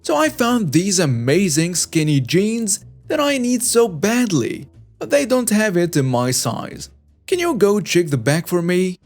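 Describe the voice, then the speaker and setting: A man's voice: sits high, very animated, unhurried, a little mellow, faint music behind, pitched above the performer's own voice, full character voice. A man voicing a snobby, entitled woman shopper who talks in a pushy, demanding way. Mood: pleading. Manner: snobby, demanding, mock-sweet.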